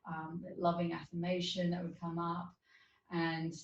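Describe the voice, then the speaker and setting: Brief: woman interviewee, earnest and animated storyteller, heard from a distance on a muffled line. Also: lowish voice, unhurried, a little hiss or hum. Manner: earnest, animated retelling with quoted dialogue. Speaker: guest. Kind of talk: storytelling in conversation. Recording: dull roomy distant sound.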